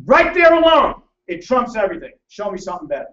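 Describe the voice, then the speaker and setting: A man presenting a financial seminar to a live audience, loud, emphatic and hectoring as he teases the crowd. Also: high-pitched, big pitch swings, fast, slight background noise. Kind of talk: motivational seminar lecture. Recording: echoey, distant, dull room recording.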